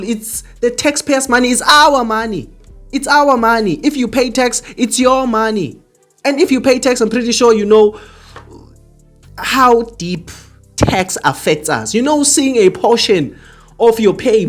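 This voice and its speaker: A man hosting an opinionated commentary monologue, talking earnestly and repetitively straight to his viewers. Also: sits high. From South Africa. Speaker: commentary channel host.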